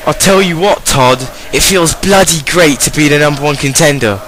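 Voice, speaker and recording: A man's voice: on the high side, normal speed, noisy background, natural voice. A man voicing a cocky male wrestling contender with an English accent, boasting and trash-talking.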